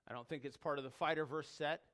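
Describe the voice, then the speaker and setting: A man's voice: on the high side, steady tone, fast, a bit bright. A man preaching a sermon, emphatic, repeating key words and dropping his voice when quoting scripture. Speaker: pastor.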